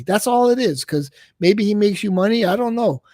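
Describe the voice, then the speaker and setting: A man's voice: high-pitched, moderate pace, few pauses, a little mellow, no echo, studio quality. A man talking heatedly about a personal hurt, swearing a lot and repeating himself. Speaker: streamer guest. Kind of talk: emotional casual talk on a livestream.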